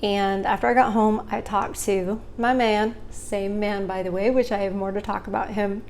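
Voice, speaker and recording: A young adult woman vlogging, telling a personal story in a casual, animated way and acting out other people's lines. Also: mid-range voice, normal speed, slight background noise.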